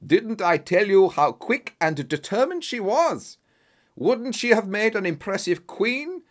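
Storybook king, boastful and excitable, read by a male narrator, wildly lively pitch. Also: measured pace. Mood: effusive. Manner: emphatic, exclaiming.

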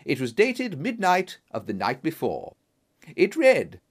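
Male storybook narrator, higher voice, very animated intonation. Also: measured pace. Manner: clear, expressive reading.

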